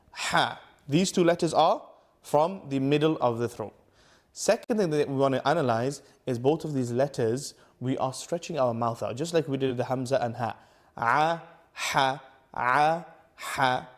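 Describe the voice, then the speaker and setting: A man teaching Quran recitation to camera, patiently repeating letter sounds slowly for the viewer. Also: medium pitch, darkish tone. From United Kingdom. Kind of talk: tajweed lesson to camera.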